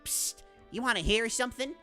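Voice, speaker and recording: A woman's voice: a little high, fairly quick, bright, forceful tone, soft background music, pitched above the performer's own voice. Woman putting on a sly, drawling gossip soldier. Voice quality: drawling, coarse slang. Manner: sly, conspiratorial, teasing. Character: gossiping rough-spoken male soldier.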